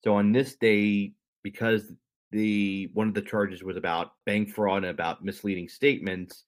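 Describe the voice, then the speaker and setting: A young man with a lowish voice talks through a story on a podcast. He rambles and corrects himself as he goes, slipping in dry jokes along the way. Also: little pitch movement, moderate pace. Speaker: podcast co-host. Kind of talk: casual explanatory chat.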